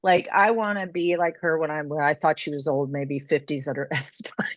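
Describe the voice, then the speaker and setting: A woman guest telling her story in a chatty, casual way, full of fillers and quick laughs. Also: low voice, steady tone, no echo. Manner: chatty, many "you know" and "like" fillers, laughs mid-story. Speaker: podcast guest. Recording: muffled lo-fi dry remote audio.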